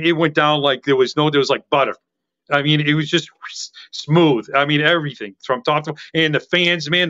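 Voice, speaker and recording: A man chatting as a podcast guest, excitable and rambling, his loud voice carrying far. His tone is bright and forceful, pitched a little high for a man. The audio is dull and muffled, like a lo-fi call recording. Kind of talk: casual chat.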